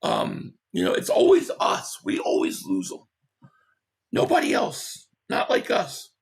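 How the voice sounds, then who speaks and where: A man hosting a casual live stream, hoarse from losing his voice, who reads out viewer comments and gives blunt opinions. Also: high voice, wildly swooping pitch. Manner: opinionated, quick agreement with viewers.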